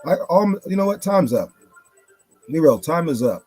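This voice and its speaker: Blunt husky man, swearing monologue. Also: a little high, very animated, moderate pace, warm tone, soft background music. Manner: emphatic and blunt, swears, repeats for stress. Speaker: commentary show host. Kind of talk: casual monologue.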